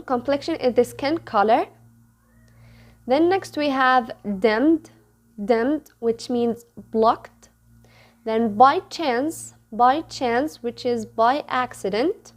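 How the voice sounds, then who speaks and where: A woman teaching a lesson, speaking slowly and deliberately and repeating key words as she explains each term. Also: high voice. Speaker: English teacher. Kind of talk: classroom lesson explaining a poem.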